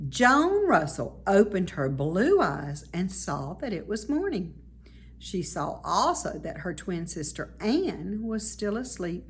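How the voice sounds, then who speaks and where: A woman, a teacher, reading a children's chapter book aloud with expressive storytelling. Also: fairly low pitch, breathy edge.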